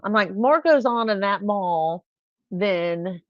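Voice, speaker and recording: A middle-aged woman from California hosts a livestream, chatting casually and telling anecdotes at a slow pace in an expressive, mid-range voice. She acts out the voices of the people in her stories, and the audio is dull lo-fi livestream sound with no echo.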